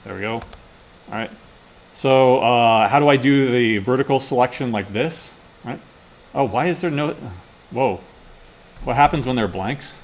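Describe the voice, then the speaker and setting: A man's voice: mid-range voice, moderate pace, pauses often. Guy teaching a class while coding live, chatty, talks to himself a lot. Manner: casual, mutters to himself while typing. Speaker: instructor.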